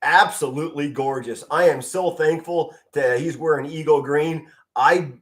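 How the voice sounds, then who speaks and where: Excitable middle-aged guy from pennsylvania streaming live play-by-play at home, a bit high-voiced, stumbles on words when pumped. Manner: passionate, emotional, stands and moves while talking, occasional stutters. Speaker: amateur play-by-play commentator. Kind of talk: live fan sports commentary stream. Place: home, standing in front of a flag.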